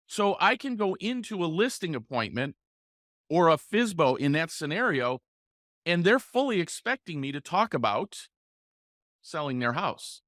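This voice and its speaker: A man hosting a solo coaching podcast, explaining sales calls and acting them out with deliberate pauses and shifts in inflection. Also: on the high side, sing-song, a bit bright, no room sound, clean studio sound. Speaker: podcast host, real estate coach.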